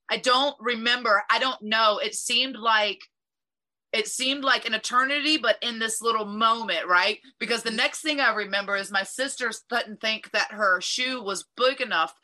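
A woman in casual chat, telling a fight story in an animated, profane way. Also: on the high side.

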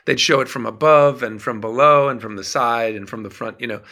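A middle-aged songwriter from Minnesota, chatting as an interview guest and telling animated stories. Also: male voice, medium pitch, a little fast, gravelly. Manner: animated storyteller, acts out quotes. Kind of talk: casual interview chat.

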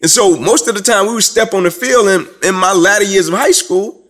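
A man from Atlanta tells his story in an interview. He speaks emphatically, like a preacher, and builds to loud, rising climaxes. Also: sits high, a little fast. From Atlanta, USA. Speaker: guest, former student.

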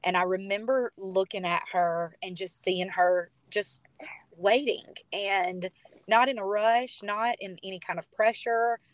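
Young woman, podcast guest, chatty storyteller, dry close sound, mid pitch. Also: unhurried, dry recording. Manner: chatty, animated retelling with lots of fillers. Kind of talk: casual storytelling.

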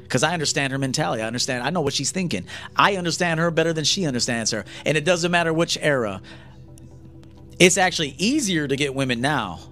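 A man's voice: on the high side, sharp tone. A man giving a blunt, profane lecture to men as a dating coach on a livestream.

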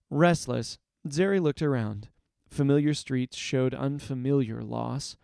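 A man narrating a story aloud in a measured, expressive reading voice. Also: medium pitch, creaky, clean tone, no room sound, studio quality. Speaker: story reader.

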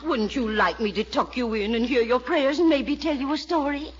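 A woman's voice: high voice, lightly acted. An actress playing a fussy older mother who gushes and talks down to everyone, in 1940s radio acting style. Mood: gushing. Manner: gushing, drawn-out, talks down to others. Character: fussy, gushing older mother, sweetly condescending. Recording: dull old radio recording.

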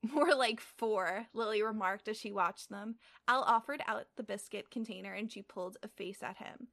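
A woman's voice: mid-range voice, steady tone, a little fast, vocal fry, sharp tone. A young adult woman reading a story aloud casually, often stumbling and correcting herself with fillers. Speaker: reader. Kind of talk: casual read-aloud of fan fiction.

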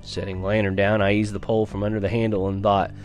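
A man's voice: lowish voice, flat delivery, quick pace, darkish tone, faint music behind. Earnest man reading a story aloud. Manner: earnest storytelling with small restarts and stumbles. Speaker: reader of a novel. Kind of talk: amateur read-aloud narration of a first-person story.

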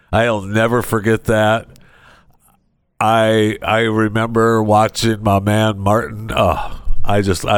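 A man's voice: deep voice, no room sound. A man hosting a podcast, telling rambling stories in a loose, conversational way. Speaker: podcast host. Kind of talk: casual chat.

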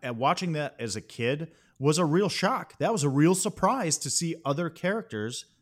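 A man's voice: fairly high pitch, animated, normal speed. A man co-hosting a casual movie podcast, talking enthusiastically and agreeing with his partner. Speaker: podcast co-host. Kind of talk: casual film discussion.

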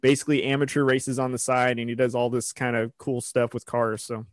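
A man's voice: mid-range voice, level tone, brisk, no echo. Guy rambling in a casual podcast chat, mid voice, dry close sound. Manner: rambling, chatty storyteller.

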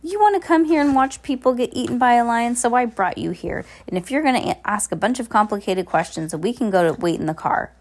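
A woman's voice: a little high, lively intonation, fairly quick, few pauses, pitched above the performer's own voice. A woman putting on a bloodthirsty bossy husband. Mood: impatient. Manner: impatient.

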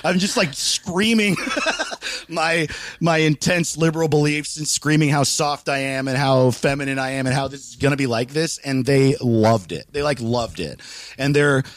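A man's voice: mid-range voice, moderate pace, no echo. A man from Los Angeles, a comedian, telling a story in casual chat, often laughing and swearing freely as he animatedly recounts it.

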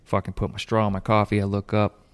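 A man with a fairly low voice tells a story in casual chat, animated and loose. He swears freely and slips into the voices of the people he quotes, keeping the talk lively and conversational. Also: quick pace, clear, resonant tone. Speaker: co-host telling a story.

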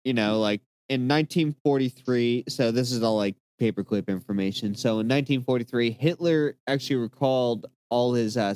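A man's voice: fairly low pitch, a little mellow. A man on a casual podcast going through research notes, with many filler words. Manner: reads notes with fillers and pauses. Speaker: podcast co-host.

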